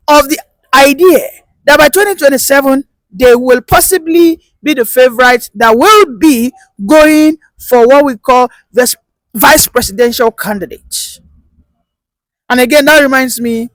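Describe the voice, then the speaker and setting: A woman's voice: high voice, no room sound, low-quality recording. A woman delivering impassioned political commentary, emphatic and rhetorical, repeating points for force. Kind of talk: opinion commentary.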